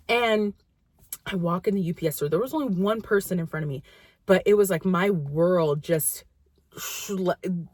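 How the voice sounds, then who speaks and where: Chatty young woman, low voice, dry sound. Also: no echo. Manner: chatty, rambling, full of "like" fillers. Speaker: vlogger. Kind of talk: casual storytelling.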